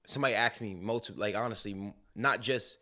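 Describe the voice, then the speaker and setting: A young man co-hosting a podcast in casual chat, laid-back and slangy, chiming in with quick agreement. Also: lowish voice, bright, forceful tone. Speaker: podcast co-host.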